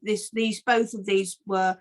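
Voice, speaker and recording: A middle-aged woman, a foster carer and campaigner, answering interview questions in an earnest, animated way, with many restarts. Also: medium pitch, slow.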